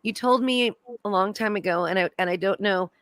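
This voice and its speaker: A woman hosting a podcast, asking her guest questions in a warm, encouraging way. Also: mid-range voice, fairly quick, clear, resonant tone, no room sound. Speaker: podcast host. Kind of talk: interview questions.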